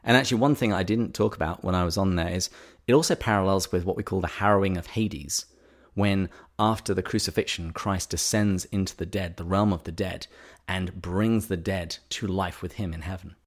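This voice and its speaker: A man co-hosting a casual podcast chat, wry and playful in a relaxed way. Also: deep voice, a little fast. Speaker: podcast co-host.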